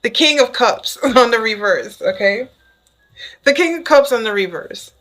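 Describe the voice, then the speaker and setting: A woman giving a casual spoken tarot reading to the viewer, excitable and chatty, who keeps checking in with "okay?". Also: on the high side, measured pace, low-quality recording. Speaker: tarot reader.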